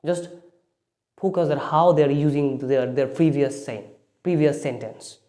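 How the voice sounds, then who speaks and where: A man's voice: on the high side, unhurried, warm tone. A man giving a spoken English lesson, often restarting phrases and leaning hard on key words. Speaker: English speaking teacher.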